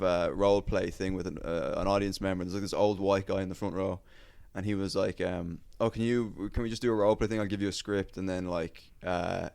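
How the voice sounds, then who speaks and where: A man's voice: sits low, gravelly, a little mellow, smooth. A man hosting a podcast, telling stories in casual chat, rambling with lots of "uh" and casual swearing. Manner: rambling storyteller, swears freely, many "uh"s. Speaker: podcast host.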